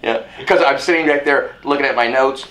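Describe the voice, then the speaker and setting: Profane stand-up comic in echoey hall. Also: male voice, medium pitch, brisk, distant mic. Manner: profane, storytelling, acts out family voices. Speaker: stand-up comedian. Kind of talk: stand-up set then casual chat. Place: comedy venue, large hall. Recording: echoey hall recorded from afar with loud noise.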